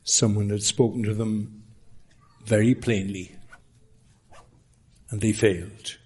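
A man preaching a sermon, emphatic, with rising exclamations and lines that drop to a hush. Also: on the low side, steady tone, slow, breathy edge.

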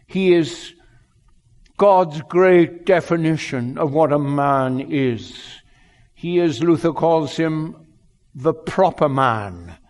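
A male pastor preaching a sermon in an earnest, unhurried way, his loudness rising and falling. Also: on the high side. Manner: slow, earnest preaching with wide swings in loudness. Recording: long hall reverb.

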